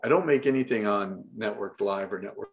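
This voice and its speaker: A man's voice: fairly low pitch, brisk. A middle-aged man talking casually as an interview guest, rambling with lots of fillers and restarts and the odd swear word. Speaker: podcast guest.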